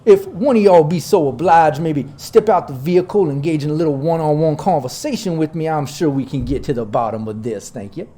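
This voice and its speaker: A man's voice: a little high, mellow, lightly acted. Man doing a drawling Dixie gang boss. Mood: smug drawling. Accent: Southern US drawl. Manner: slow, drawling, mock-polite. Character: folksy southern male gang boss, genial and smug.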